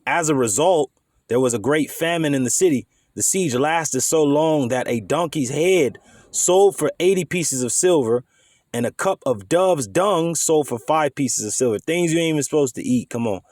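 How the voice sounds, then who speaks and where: A man's voice: on the high side, lively intonation, moderate pace, darkish tone, no echo. Dry, close-miked man teaching scripture. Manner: emphatic, conversational, swears casually. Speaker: bible teacher.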